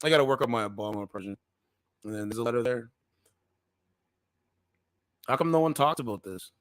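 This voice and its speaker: A man's voice: medium pitch, animated, a little fast, a bit bright, no room sound. A man hosting a casual commentary channel, reading news articles aloud with slangy asides, stumbling over words and repeating defensive disclaimers.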